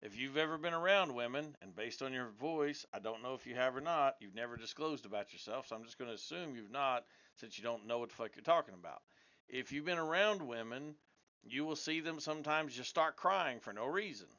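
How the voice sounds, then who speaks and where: Blunt, combative man with a bright voice. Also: medium pitch, expressive, fairly quick. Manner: blunt, combative, talks over others. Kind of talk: heated casual debate. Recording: dull lo-fi audio.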